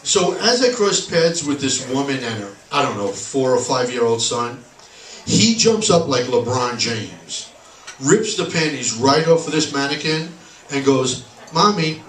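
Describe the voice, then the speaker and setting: A man doing a sarcastic stand-up comedy set in a bar, telling deadpan punchlines. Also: medium pitch, unhurried, a little hiss or hum. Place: bar stage, live room. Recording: echoey bar recorded from a distance.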